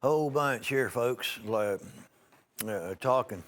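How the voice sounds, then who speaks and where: A man's voice: mid-range voice, slow pace, a bit bright, slight background noise. Home-shopping host, man, drawl, chatty and rambling, mid-range voice. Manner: folksy, rambling, frequent "uh" and restarts, addresses "folks". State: clearing his throat now and then. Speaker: TV shopping host selling knives. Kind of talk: live home-shopping sales pitch.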